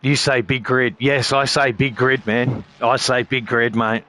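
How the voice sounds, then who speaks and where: A man's voice: medium pitch, fairly even intonation, a little slow, pushed and bright. A laid-back Australian man chatting on a live sim racing stream. He rambles loosely and swears in nearly every line, talking easily to his viewers. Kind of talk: casual live-stream chat.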